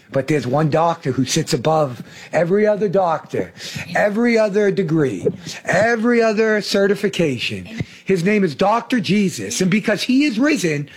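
Guy preaching on a faith show, high voice, really emphatic. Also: slight background noise. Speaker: host, preacher.

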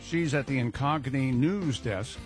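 A man's voice: mid-range voice, normal speed, faint music behind. A man hosting a morning radio show, bantering in a jovial, playful way.

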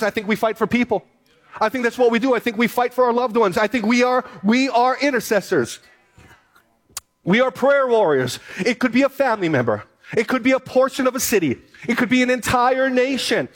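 A male pastor preaching a sermon, reading scripture aloud and then urging the congregation on with repeated phrases. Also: sits high. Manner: reads scripture aloud, then exhorts with repetition.

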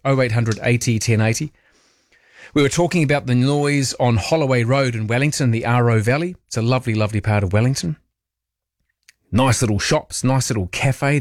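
A man's voice: medium pitch, dry recording, studio quality. Chatty New man hosting talkback radio. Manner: chatty, wry asides, musing aloud. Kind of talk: casual talkback radio, reading listener texts. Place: radio studio. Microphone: studio microphone.

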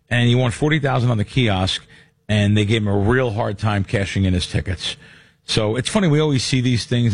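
A man's voice: lowish voice, dry recording. A man hosting a sports talk show, reading out news items and adding dry quips. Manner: reads out headlines, dry quips. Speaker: host.

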